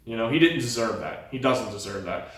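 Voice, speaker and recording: A man's voice: medium pitch, a little fast. Young man telling his story in an echoey room. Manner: lively retelling, acts out quoted dialogue. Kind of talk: candid personal storytelling. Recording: very echoey room, mic far off.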